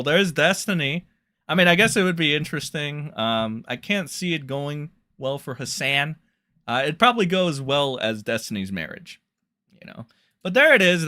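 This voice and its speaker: A young man hosts a livestream and rambles through crude, mocking commentary. His voice sits a bit high, swings widely in pitch and has a bright, forceful edge. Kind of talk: profane casual livestream commentary.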